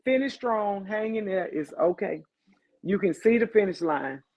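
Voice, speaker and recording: Tired, joking podcast host. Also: male voice, sits high, expressive, a little mellow. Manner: loose, joking, drawn-out greetings. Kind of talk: casual live podcast chat.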